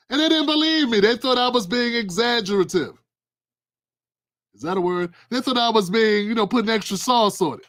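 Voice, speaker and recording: A man's voice: very high voice, brisk, a bit bright. A man hosting a political commentary livestream, casual and sarcastic, talking straight to his viewers. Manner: sarcastic, colloquial, talks to viewers.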